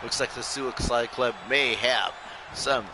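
A man's voice: mid-range voice, steady tone, measured pace, very noisy. A man casually calling a video game wrestling match play-by-play for a live stream, often addressing the audience as folks and joking as he goes. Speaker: host and play-by-play commentator.

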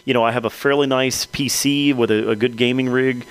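A man's voice: mid-range voice, fairly even intonation, brisk, smooth. A man co-hosting a podcast, chatting casually and emphatically with a rambling flow. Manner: rambling, emphatic, many fillers. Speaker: podcast co-host. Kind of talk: casual chat.

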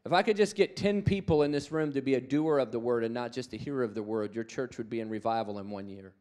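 A man's voice: mid-range voice, fast. A man preaching a sermon, telling stories with animation and calling on the congregation to respond. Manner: animated storytelling, acts out quoted voices. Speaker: guest preacher.

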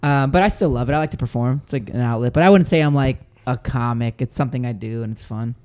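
A man's voice: mid-range voice, fast, a little mellow. A man talking casually as a podcast guest, hesitant and self-deprecating. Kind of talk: casual chat.

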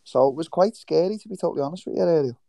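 A man's voice: a little high, animated, rapid-fire, vocal fry, warm tone. A man, chatting casually in an interview, swearing freely and telling stories with quoted voices. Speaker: guest fighter. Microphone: remote livestream call.

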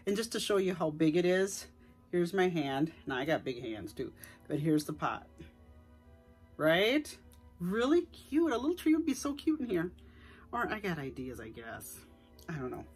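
A woman's voice: on the low side, very animated, moderate pace, long pauses, darkish tone, breathy edge, faint music behind. A middle-aged woman, chatting casually to viewers at home as she shows off her shopping haul. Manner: chatty and enthusiastic, addresses viewers directly. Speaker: vlogger showing a shopping haul. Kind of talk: casual haul vlog chat. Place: at home indoors.

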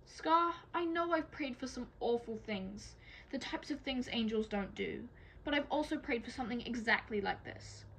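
A woman's voice: a little high, animated, moderate pace, fairly bright tone, slight background noise, poor audio. A woman doing a headstrong, flirty little sister. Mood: defensive. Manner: breezy, insistent.

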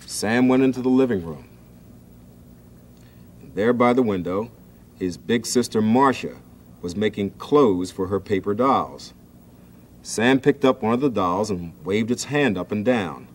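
A man hosting a 1960s children's show, reading a storybook aloud in a gentle, expressive way. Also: on the low side, measured pace, long pauses. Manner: gentle, expressive storytelling, acting out the family's voices. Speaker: children's TV host. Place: TV studio set.

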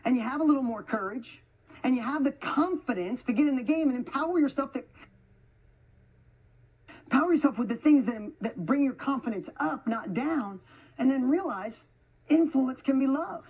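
A woman giving an energetic, emphatic motivational speech to an audience in an event hall, repeating phrases for effect. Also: high-pitched, moderate pace, breathy edge, lo-fi sound. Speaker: motivational speaker.

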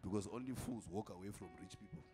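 A man's voice: lowish voice, fast talker, music in the background. A man preaching a sermon as an apostle, calling out to the congregation and repeating lines for effect. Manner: emphatic, calls out to the congregation, repeats lines for effect, at times shouting.

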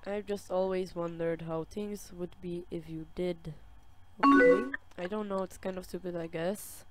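Slow, low-voiced woman doing game commentary. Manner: reads dialogue slowly, with soft sympathetic reactions. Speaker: gaming video creator. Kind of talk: let's-play commentary, reading chat messages aloud. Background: loud game music and keyboard typing.

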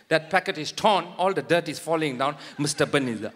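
Stand-up, man, high voice, long hall reverb. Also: a little fast, few pauses. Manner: animated, high-pitched storytelling with laughs. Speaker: stand-up comedian. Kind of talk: stand-up comedy routine.

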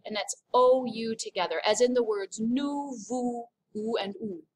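An American woman teaching a recorded French lesson, upbeat and explaining slowly as she demonstrates sounds. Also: fairly high pitch, darkish tone, husky. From United States.

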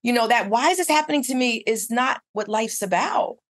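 A woman's voice: a little high, a little fast. A middle-aged woman who owns a spa, telling her story in a casual interview with eager, rambling restarts. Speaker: spa owner and esthetician.

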